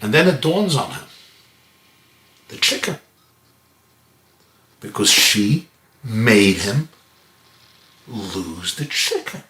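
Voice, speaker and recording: A rabbi telling a story in a sermon, acting out the voices of the people in it. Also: male voice, fairly low pitch, big pitch swings, slow, long pauses, sharp tone, roomy sound. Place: home.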